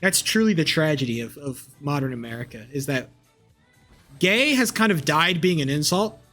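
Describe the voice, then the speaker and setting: A man's voice: on the high side, animated, moderate pace, bright, forceful tone, faint music behind. A young man streaming live, rambling casually with crude language and lots of fillers and restarts.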